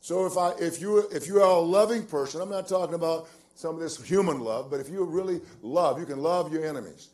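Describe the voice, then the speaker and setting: Older male pastor, fairly high voice, conversational sermon with repeated, booming emphasis. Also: a little fast. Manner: swings from quiet musing to loud, stretched-out emphasis; repeats words for stress, chuckles as he preaches.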